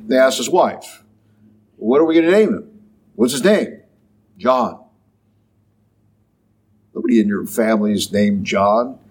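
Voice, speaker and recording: A man's voice: lowish voice, darkish tone, breathy edge. A man preaching a sermon in a conversational way, often checking in with "okay?" and briefly acting out the people he quotes. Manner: conversational, acts out quoted voices, frequent "okay?" and "yeah?".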